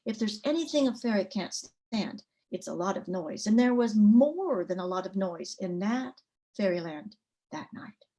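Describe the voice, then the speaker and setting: A woman storyteller at a story swap, telling a folk tale with an expressive, rhythmic cadence. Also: medium pitch.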